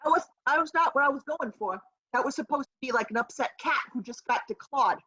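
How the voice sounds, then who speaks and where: A woman improvising a comedy scene over a video call, brash and rambling with a deadpan edge. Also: high voice, fast talker, breathy edge. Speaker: improv performer. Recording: dull lo-fi video call audio.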